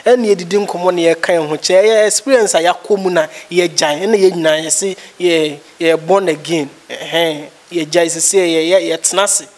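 A man's voice: a little high, steady tone, moderate pace, hardly any pauses. A man with a Ghanaian accent giving his views in a casual chat, rambling and repeating himself. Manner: rambling, repetitive. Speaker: guest.

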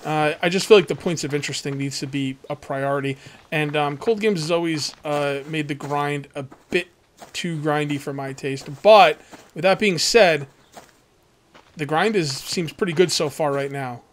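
A man's voice: fairly high pitch, moderate pace. A man hosting a let's play, giving casual, rambling gameplay commentary and talking straight to his viewers.

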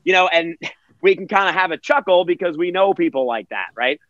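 Male emcee, lively interview answers, somewhat high voice, dry dull audio. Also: a little fast, no room sound. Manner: energetic, acts out quotes in put-on voices. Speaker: virtual event host and emcee.

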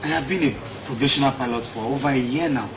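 An actor with a Nigerian accent playing a frustrated young pilot, defensive and pleading. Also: male voice, mid-range voice, quick pace, noisy background, natural voice. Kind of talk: Nollywood film acting. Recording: distant film audio with music.

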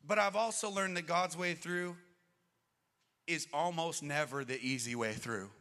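A middle-aged man preaching a sermon as pastor, swinging between loud outbursts and hushed, slow passages. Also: on the high side. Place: church auditorium. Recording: long reverb of a church hall.

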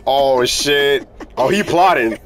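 A young man streaming a video game, reacting with excitable jokes, casual commentary and sudden loud outbursts. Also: mid-range voice, takes it slowly. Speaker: gaming streamer. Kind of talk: casual let's-play commentary. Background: game music.

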